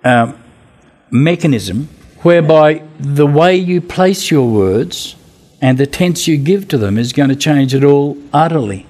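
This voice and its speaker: Animated man teaching Bible translation. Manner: animated, rises in pitch for emphasis. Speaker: Bible teacher answering questions. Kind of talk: casual teaching talk.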